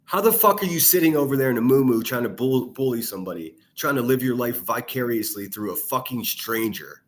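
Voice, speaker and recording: A man's voice: medium pitch, lively intonation, brisk. A man ranting angrily over clips he plays, swearing heavily and hurling insults as a commentary youtuber. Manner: angry, profane, shouting insults.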